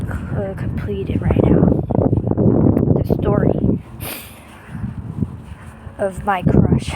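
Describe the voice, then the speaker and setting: Excitable woman vlogging on a windy beach. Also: a little high. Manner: excitable, gushing exclamations. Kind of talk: casual vlog commentary. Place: outdoors on a cold, windy beach. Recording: loud wind noise outdoors.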